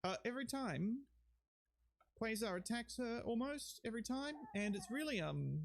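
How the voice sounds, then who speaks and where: A man's voice: very high-pitched, lively intonation, moderate pace, creaky. A man chatting casually on a live stream, rambling, joking and swearing as he thanks viewers, his voice a bit strained and sore. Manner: rambling, jokey, swears freely, shouts out viewers. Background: music playing under the voice.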